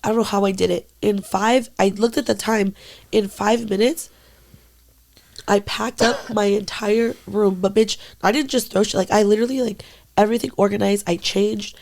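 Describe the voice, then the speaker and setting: Young woman, gravelly fry, podcast co-host, candid casual storytelling, filler-heavy, swears. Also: mid-range voice, steady tone, normal speed, darkish tone. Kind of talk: casual chat.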